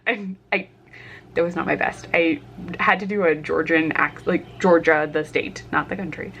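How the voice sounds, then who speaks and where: A woman's voice: lowish voice, steady tone, moderate pace, fairly bright tone, slightly rough, lo-fi sound. A young woman chatting casually about her reading at home while cooking lunch, with many fillers and frequent laughs. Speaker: book vlogger. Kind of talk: casual reading vlog chat.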